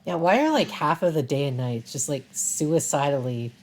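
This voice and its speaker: Low voice woman streaming, chatty, lots of likes, quiet game music. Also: lively intonation, moderate pace, rough recording. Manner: chatty, filler-heavy, amused. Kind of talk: casual chat over a game stream.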